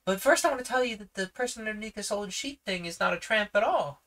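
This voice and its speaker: A storybook reader voicing a bold, excited young girl with an eager, sing-song delivery. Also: mid-range voice, fast, distant mic, voice pushed up.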